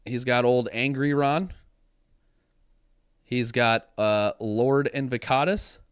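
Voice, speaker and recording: Smooth-voiced man chatting casually, rambling. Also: mid-range voice, steady tone, slow, no room sound, studio quality. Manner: rambling, loses words mid-sentence. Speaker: podcast co-host. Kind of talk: casual chat. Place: home studio.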